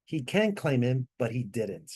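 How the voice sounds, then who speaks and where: A man's voice: medium pitch, very animated, measured pace, a little mellow, husky. Man, instructor, online class, video call sound, step-by-step explaining, apologetic, filler words. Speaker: tax training instructor.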